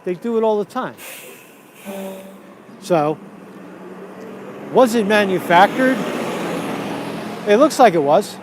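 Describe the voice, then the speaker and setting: A man with a fairly high voice walks and talks outdoors, circling back over his own words. The sound comes from a handheld camera on the street, with faint city noise underneath. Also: animated, takes it slowly, long pauses. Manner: rambling, repeats himself, talks while walking. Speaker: vlogger. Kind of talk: walk-and-talk street vlog. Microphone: handheld camera while walking.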